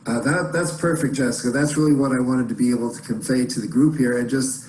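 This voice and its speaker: A man's voice: medium pitch, steady tone, quick pace, a little mellow, roomy sound, rough recording. A man hosting an online music workshop, explaining in a rambling, encouraging way with many restarts. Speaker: workshop host.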